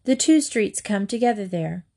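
A woman voicing a friendly, lively schoolgirl in a storybook reading, cheerful and a little bossy. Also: medium pitch, moderate pace, close to an everyday voice.

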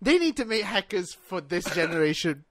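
A man in casual chat who reacts with slow, swearing remarks. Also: sits high, very animated. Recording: loud background noise.

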